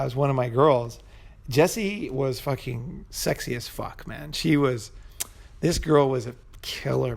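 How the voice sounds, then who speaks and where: A man's voice: mid-range voice, creaky, a little mellow. A man vlogging a casual, rambling personal story, swearing freely and checking in with "you know" and "right?". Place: Bangkok.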